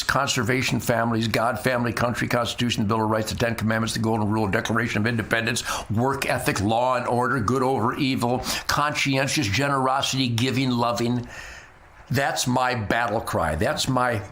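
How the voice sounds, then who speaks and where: An older man hosting his own show in a brash, jokey, rambling monologue, full of boasts and shout-outs. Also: mid-range voice. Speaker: show host.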